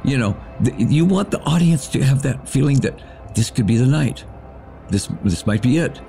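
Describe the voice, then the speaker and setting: Interview guest: mid-pitched man, thoughtful, halting restarts, light music under him. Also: lively intonation, vocal fry, mellow. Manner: reflective, restarts sentences with fillers. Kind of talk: casual interview.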